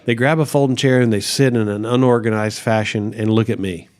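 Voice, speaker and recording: Animated storytelling man, pastor. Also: on the low side, fairly quick. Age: middle-aged. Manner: animated storyteller, acts out quotes, laughs often. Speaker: pastor, interview guest. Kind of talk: casual storytelling interview.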